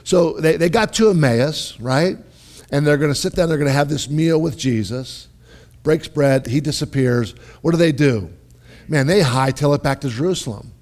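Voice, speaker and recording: A man preaching a sermon in a lively, conversational way, often checking in with his listeners and restarting his phrases. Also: on the high side, normal speed. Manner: animated, conversational, with repeated "right?" and restarts. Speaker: pastor.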